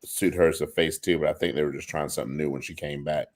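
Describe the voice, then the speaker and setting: A man with a very low, deep voice co-hosts a casual wrestling chat. He hesitates and repeats words as he puts his thoughts together. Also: fairly even intonation, fast talker. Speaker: co-host.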